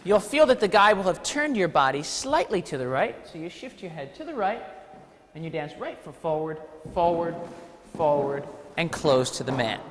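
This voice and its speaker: A man teaching a ballroom dance class, counting steps aloud with energetic encouragement and playful asides. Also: fairly high pitch, normal speed, in a large hall, slight background noise. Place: dance studio hall.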